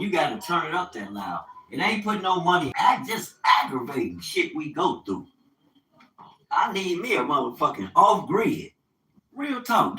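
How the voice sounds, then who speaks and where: Ranting off the cuff, this older man, a vlogger, preaches profanely and quotes scripture with fire. His voice is a little high, bright, and forceful, captured on a rough, reverberant recording with slight background noise.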